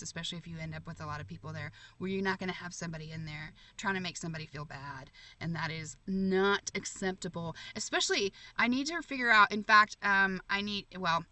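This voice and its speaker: A woman's voice: medium pitch, bright, forceful tone, no echo, far from the mic. A woman in casual live-stream chat, reading viewers' comments, talking effusively with frequent laughs and fillers. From United States. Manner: chatty and effusive, laughs often, many fillers and restarts. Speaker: livestream host reading chat.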